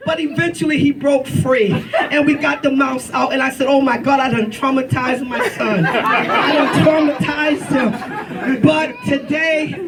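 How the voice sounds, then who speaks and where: A middle-aged mother giving a farewell toast, telling an animated story and laughing often. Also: sits high, unhurried, far from the mic, low-quality recording. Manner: animated, laughing through the story, acting out the shouting. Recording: loud party crowd around.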